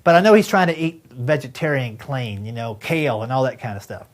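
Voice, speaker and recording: A man's voice: mid-range voice, animated, a little fast. A man in his fifties doing a stand-up comedy routine, telling folksy stories and acting out dialogue with his doctor and friends. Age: 50s.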